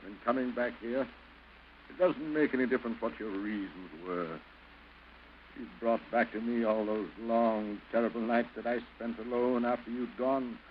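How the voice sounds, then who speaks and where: A man's voice: medium pitch, fairly even intonation, moderate pace, highs cut off, lightly acted. An actor playing a bitter husband who coldly refuses his estranged wife, with theatrical early film outbursts, on an old hissy soundtrack. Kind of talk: early 1930s film acting.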